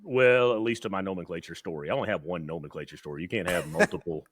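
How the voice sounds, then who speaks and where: Deep southern guy on a podcast, dry close mic, rambly stories, keeps repeating himself. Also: quick pace, no room sound. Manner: rambling storyteller, repeats words, acts out quotes. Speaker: podcast co-host. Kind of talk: casual podcast banter.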